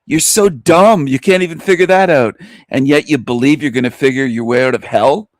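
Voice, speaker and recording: A man's voice: medium pitch, a little fast, no room sound. Scornful man ranting in a dry room. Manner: scornful, insulting rant. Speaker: host reacting to a video. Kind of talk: mocking live commentary.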